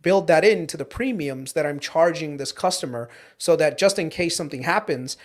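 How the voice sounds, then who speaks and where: A man's voice: fairly high pitch, expressive, normal speed. A man guesting on a podcast who explains things casually and leans on "you know" fillers. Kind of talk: casual chat.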